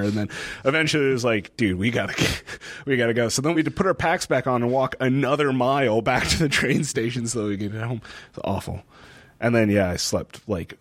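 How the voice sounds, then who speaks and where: Man, young, casual chat, laughs a lot, mid pitch, dry close mic. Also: no room sound. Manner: animated storyteller, laughs often, acts out quotes. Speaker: podcast co-host. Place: lives in a city in the northeastern United States.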